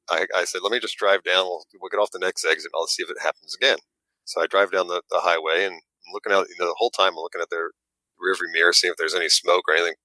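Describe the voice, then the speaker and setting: A man, a guest who makes models, telling an animated story in casual chat and acting out the quotes with little stammers. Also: low voice, no echo, low-quality recording.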